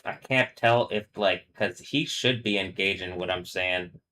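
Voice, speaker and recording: A man's voice: low voice, measured pace, pushed and bright. A man hosting a casual live stream, rambling and talking over himself with lots of fillers. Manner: rambling, filler-heavy, laughs often. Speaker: livestream host.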